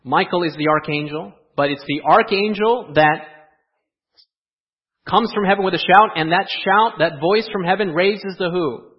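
A man preaching a sermon in a church, asking the congregation rhetorical questions and moving between quiet asides and raised emphasis. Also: high voice, normal speed, breathy edge, muffled recording. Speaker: pastor. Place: church sanctuary.

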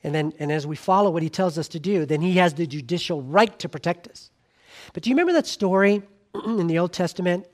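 A man preaching a sermon in an earnest way, rising to emphatic lines and dropping to quiet, soft appeals, with frequent restarts. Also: fairly high pitch, brisk.

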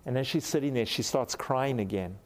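A man's voice: medium pitch, brisk. A middle-aged man from Africa giving a sermon, telling a personal story with animation and acting out the quoted lines. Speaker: pastor.

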